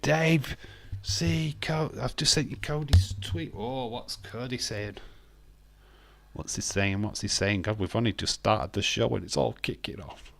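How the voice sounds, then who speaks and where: This young man from West Yorkshire, England, has a Yorkshire accent and a mid-range voice that's unhurried, gravelly and a bit bright. He chats casually and swears freely while hosting a live wrestling watch-along, addressing his chat by name.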